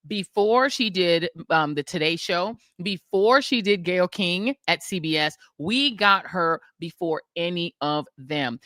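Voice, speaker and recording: A middle-aged American woman chatting on her podcast, her voice bright and forceful. She tells stories with energy and slips into the voices of the people she quotes. The sound is dry and close. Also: on the low side, dry recording. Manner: animated storytelling, acting out quoted voices. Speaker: podcast host. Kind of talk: casual chat.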